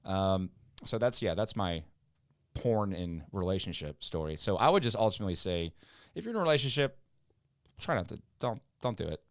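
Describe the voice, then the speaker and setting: Um homem jovem, convidado de podcast, contando uma história comprida e cheia de recomeços num papo descontraído. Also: male voice, sits low, expressive, moderate pace, dry recording, clean studio sound. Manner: rambling storyteller acting out quotes. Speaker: podcast guest. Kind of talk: casual podcast chat.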